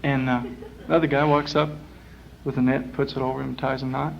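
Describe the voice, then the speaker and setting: A man on a small club stage, telling a long shaggy joke in a loose, drawling way, with lots of pauses and fillers. His voice sits in a middle range. The recording is muffled and dull, like a 1960s live tape, with a faint hiss behind it. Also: medium pitch, level tone, gravelly. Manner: casual, drawling, full of "uh" fillers. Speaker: performer telling jokes on stage.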